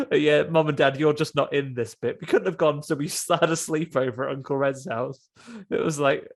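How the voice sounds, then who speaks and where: A man's voice: a little high, expressive, normal speed, vocal fry. A man hosting a casual film podcast, rambling and swearing as he acts out little scenes. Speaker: podcast host.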